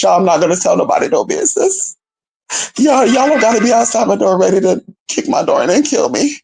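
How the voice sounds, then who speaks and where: Animated, profane storytelling vlogger. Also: medium pitch, a little fast, creaky, husky. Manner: animated, profane, talks straight to viewers as "y'all" and "girl"; nervous, jumpy asides. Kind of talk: casual storytelling to viewers.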